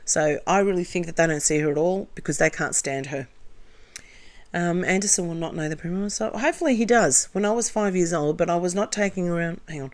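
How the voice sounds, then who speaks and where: Speaking close to the mic and a little fast, a commentary channel host with a somewhat low voice reads viewer comments one after another. She answers each with blunt, opinionated remarks and chatty asides.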